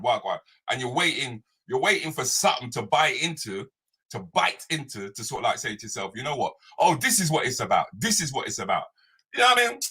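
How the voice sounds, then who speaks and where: Man, live show host, lively swinging pitch, bright. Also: slightly rough. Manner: animated, playful, repetitive banter. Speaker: comedian hosting a live morning show. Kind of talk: live morning chat show, reading viewer comments.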